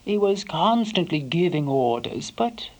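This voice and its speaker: A woman playing a devoted elderly housekeeper, recalling her employer in a soft first-person monologue that sometimes sinks to a whisper. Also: on the low side, very animated, measured pace, poor audio. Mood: wistful. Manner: soft-spoken, slips into hushed whispers.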